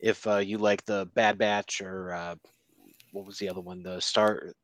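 A man's voice: deep voice, level tone, normal speed, no room sound, clean studio sound. A man co-hosting a podcast in casual chat, easygoing and a little hesitant.

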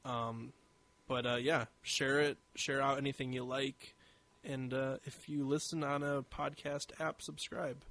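A man co-hosting a podcast in casual chat, halting and saying "like" often, his voice slightly worn. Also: mid-range voice, level tone, fairly bright tone. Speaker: podcast co-host.

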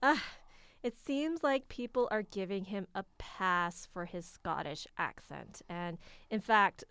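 An American woman co-hosting a casual film review, opinionated and quick to laugh. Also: medium pitch, fairly bright tone, clean tone, dry recording. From United States.

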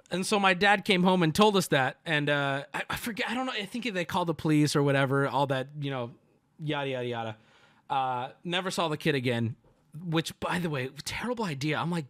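A man telling a family story on his stream in a casual, profane, joking way. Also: high-pitched. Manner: animated, profane, jokey.

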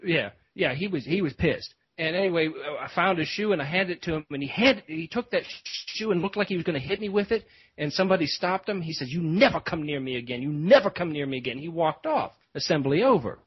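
Husky-voiced man telling a long story. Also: a little high, expressive, a little fast, dry recording. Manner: rambling, lots of fillers and restarts. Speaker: podcast host. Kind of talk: casual storytelling. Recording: dull lo-fi podcast audio.

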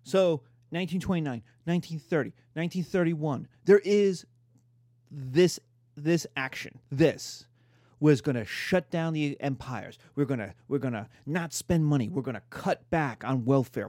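A middle-aged man giving a lively, emphatic history lecture. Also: fairly high pitch, normal speed, no room sound, clean studio sound. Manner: animated, emphatic, mimics voices in quotes.

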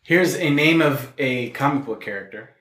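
A man's voice: mid-range voice, moderate pace, fairly bright tone, roomy sound. A man hosting a casual podcast, running a quiz game in a playful, joking way. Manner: playful, laughing at his own ideas. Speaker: podcast host.

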